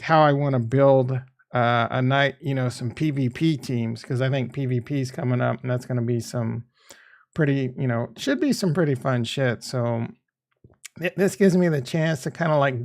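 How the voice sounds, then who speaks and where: A man livestreaming a crypto game and chatting to viewers, excitable and rambling, laughing often and swearing casually. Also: medium pitch, vocal fry. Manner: rambling, thinks aloud. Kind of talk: live stream commentary.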